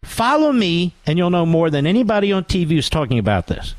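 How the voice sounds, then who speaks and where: A man's voice: sits high, very animated, fairly quick, dry recording. A man hosting a talk radio show, delivering a combative, sarcastic monologue and mocking others in put-on voices.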